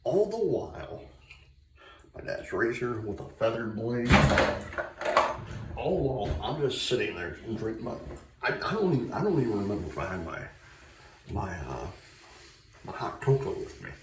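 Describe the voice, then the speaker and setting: A man's voice: lowish voice, very animated, normal speed, pauses often, very noisy. A man telling a long casual story in a rambling way with lots of fillers, recorded in a bathroom. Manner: rambling, filler-heavy anecdote with quoted voices. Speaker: shaving vlogger. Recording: echoey room, mic at a distance.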